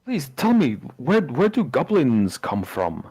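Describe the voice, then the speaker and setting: A man's voice: mid-range voice, huge pitch swings, measured pace, dark tone, breathy edge, voice pushed up, heavily acted. A man voicing a sheltered village woman who keeps stammering in wonder as she questions her strange guests. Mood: amazed, inquisitive.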